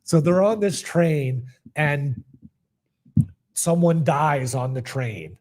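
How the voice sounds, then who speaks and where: A man's voice: fairly high pitch, expressive, slow pace, darkish tone. A man co-hosting a casual podcast, rambling through a story with lots of "like" and fillers. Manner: rambling recap with many likes and fillers. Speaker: podcast co-host. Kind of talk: casual chat.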